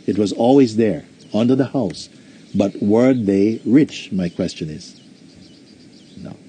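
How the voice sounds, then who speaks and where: A man, a spiritual teacher, giving a satsang talk and telling a story in a gentle, unhurried way. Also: on the low side, slight background noise.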